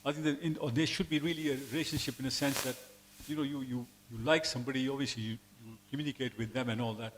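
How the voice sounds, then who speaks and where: A man in an audience at a spiritual class, making an earnest, halting comment with repeated words. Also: medium pitch, steady tone, noisy background. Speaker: audience member asking a question. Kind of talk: question from the floor. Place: temple hall.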